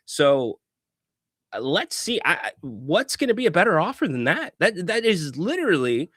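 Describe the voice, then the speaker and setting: A man's voice: a little high, sing-song, moderate pace, a bit bright, no echo, studio quality. A man hosting a casual sports talk show, opinionated, often restarting words and chuckling.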